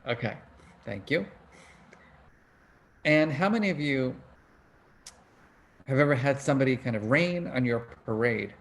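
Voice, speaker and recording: A man's voice: medium pitch, lively intonation, a little slow, pauses often. A middle-aged man hosting an online book club over a video call, teaching in a casual, conversational way and asking his audience questions. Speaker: book club host and emotion researcher.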